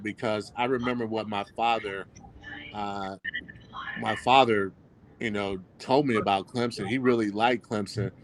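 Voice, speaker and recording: A man's voice: mid-range voice, low-quality recording. A man, a former professional football player, telling stories in a casual interview, acting out the voices of people he quotes and laughing often.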